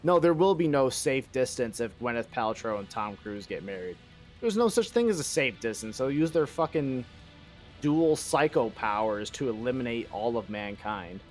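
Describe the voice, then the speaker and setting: Rambling, swearing game streamer. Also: male voice, medium pitch, very animated, moderate pace, soft background music. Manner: rambling, joking, swears freely. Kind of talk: casual live-stream chat.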